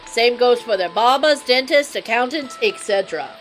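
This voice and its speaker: A woman's voice: fairly high pitch, lively intonation, moderate pace, a bit bright, soft background music. A woman voicing a brash male mobster informant with a put-on New Jersey accent, swaggering and sleazy. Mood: explaining. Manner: swaggering, sleazy tough-guy drawl.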